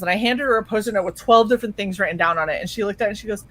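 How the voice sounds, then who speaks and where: Young woman host, really bright voice, blunt animated storytelling, swears a lot. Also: mid-range voice, rapid-fire, no room sound. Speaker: stream co-host. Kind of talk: casual group chat.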